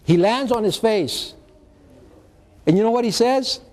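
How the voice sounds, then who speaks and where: A retired man, giving an animated storytelling talk to students as a guest speaker and mixing in Spanish slang. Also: high voice, measured pace. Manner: animated, mixes in Spanish slang, acts out quotes.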